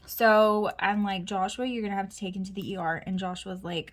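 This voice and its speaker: A woman's voice: medium pitch, big pitch swings, unhurried. A woman, chatting casually while she plans, telling a rambling story full of asides and mutters to herself. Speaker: planner vlogger. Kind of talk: casual chat while planning. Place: home.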